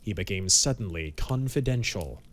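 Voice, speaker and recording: A man giving measured, dramatic narration of a pulp audiobook. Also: lowish voice, animated.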